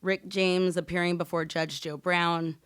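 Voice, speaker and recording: A woman poet reading her poems aloud in a measured, deliberate way. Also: on the low side, level tone, fairly bright tone, clear, resonant tone, dry recording, clean studio sound. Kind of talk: live poetry reading.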